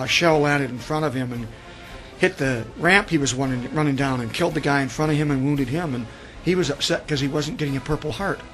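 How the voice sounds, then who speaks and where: A man's voice: fairly high pitch, fairly bright tone, low-quality recording. A man in his sixties, a veteran guest on a radio interview, telling his stories in a rambling way and often repeating words. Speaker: guest, Vietnam veteran author. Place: radio studio.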